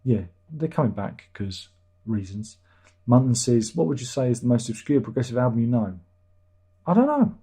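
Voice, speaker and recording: This is a middle-aged British man hosting a livestream, chatting through viewer messages with dry jokey asides and chuckles. He speaks at a normal speed and medium pitch, in a dark, slightly rough tone.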